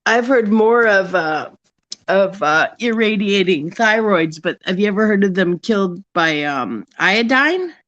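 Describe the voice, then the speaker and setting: A woman's voice: mid-range voice, expressive, measured pace, a bit bright. A woman in casual conversation, talking hesitantly with fillers and restarts. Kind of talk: casual chat. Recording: dull lo-fi sound.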